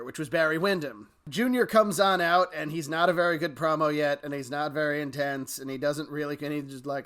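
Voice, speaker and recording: A man talks through old wrestling promos in a casual podcast, explaining why the lines work. He acts out the quoted lines as he goes. His voice sits slightly higher than most men's. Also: steady tone, a little fast, few pauses, a bit bright. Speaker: podcast co-host. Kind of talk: casual chat with analysis.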